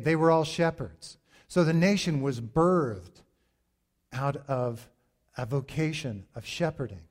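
A middle-aged male pastor preaching a sermon in a slow, deliberate way, pausing for emphasis. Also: on the high side, a little mellow.

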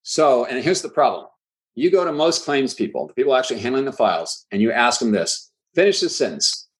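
A man who teaches claims training, speaking as a guest in an interview and telling lively stories in quick bursts. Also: mid-range voice, poor audio. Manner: animated storyteller, quick bursts. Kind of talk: conversational interview.

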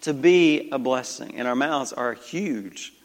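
A male pastor with a Southern country accent preaching a folksy sermon full of rhetorical questions, swinging between loud and hushed. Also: mid-range voice, a little slow, long reverb tail. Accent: American Southern country. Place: church sanctuary.

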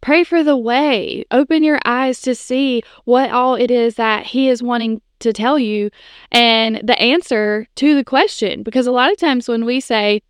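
A woman's voice: on the high side, unhurried, clear, resonant tone, no room sound, studio quality. A woman in her thirties hosting a podcast, telling a personal faith story in a casual, chatty way with frequent "like" and "you know". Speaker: podcast host.

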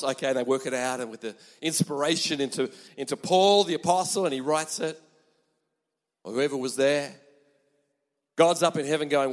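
A man preaching a sermon, emphatic and animated, with chatty asides to the congregation. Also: fairly high pitch, moderate pace, pauses often, long reverb tail.

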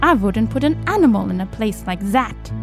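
A woman voicing a small, fearless church sister who speaks with calm, firm authority. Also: a little high, normal speed, over music. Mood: stern. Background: cinematic score.

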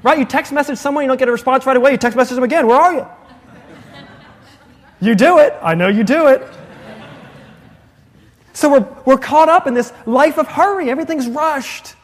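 A high-pitched man preaches in a chatty, joking way, often asking his congregation questions. His voice rings with a long reverb, as in a church sanctuary. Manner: conversational, asks the congregation questions, quick jokey asides. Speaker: pastor. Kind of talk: sermon.

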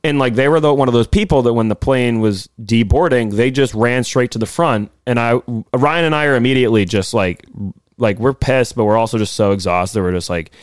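A man's voice: medium pitch, brisk, clean tone, no echo. Laughing storyteller man with a dry sound. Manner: laughs often while telling stories, swears freely. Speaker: podcast co-host. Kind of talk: casual storytelling chat.

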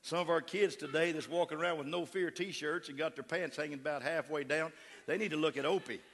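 A man's voice: on the high side, a little fast, fairly bright tone. A middle-aged man with a West Texas accent, preaching a fervent, emphatic sermon to his church. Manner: fervent, emphatic preaching with crowd call-outs. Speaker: pastor. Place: church sanctuary. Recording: echoey church hall.

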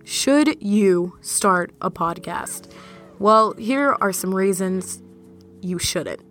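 A young woman talks straight to her listeners in a casual, chatty solo podcast, her voice sitting at an ordinary middle pitch. Faint music plays softly beneath her. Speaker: podcast host.

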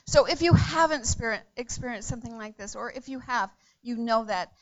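A woman preaching a sermon in an earnest way, repeating phrases and swinging from hushed to loud. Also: a little high, fairly quick, few pauses, muffled recording.

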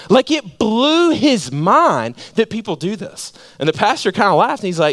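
A male pastor preaching a sermon in a church, casual and animated, dropping slang fillers as he talks. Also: high voice, moderate pace, few pauses. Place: church sanctuary.

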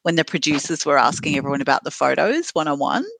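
A woman's voice: low-pitched, lively intonation, creaky, a bit bright, no echo. A woman co-hosting a podcast, blunt and sarcastic in casual chat. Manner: blunt, sarcastic, quick asides. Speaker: podcast co-host.

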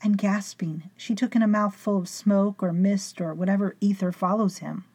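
Mellow woman narrating a spooky tale. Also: mid-range voice, fairly even intonation, normal speed. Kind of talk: storytelling narration. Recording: faint music behind.

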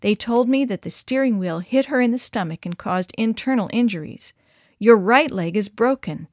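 A woman voicing a calm, faithful father who speaks to his son in a steady, reassuring way. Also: fairly high pitch, moderate pace, no room sound, studio quality.

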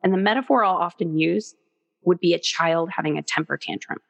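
A woman in her thirties or forties, speaking as an interview guest in an earnest, animated way. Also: lowish voice, fairly quick, vocal fry, long reverb tail, lo-fi sound. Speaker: guest, author. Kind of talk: conversational interview.

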